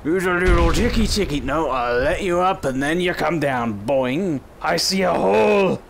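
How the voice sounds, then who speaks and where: A man rambles playfully through VR gameplay commentary and slips into silly voices. His voice sits a little high and has a gravelly edge. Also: expressive, normal speed, slight background noise. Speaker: gaming YouTuber.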